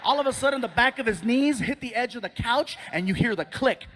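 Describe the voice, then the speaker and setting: A male stand-up comedian telling an animated story on stage and acting out other people's voices. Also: very high voice, brisk, noisy background.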